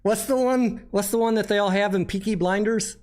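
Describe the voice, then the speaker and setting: A man's voice: high-pitched, steady tone, brisk, darkish tone. A man hosting a casual livestream, chatting and joking while reading viewer comments aloud. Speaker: livestream host.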